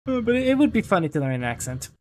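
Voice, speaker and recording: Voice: mid-range voice, very animated, very fast, a little hiss or hum. A young adult gaming host rambling through casual gameplay commentary at a desk mic, filling with lots of "like" and poking fun at themself. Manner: rambling and self-deprecating, heavy use of "like".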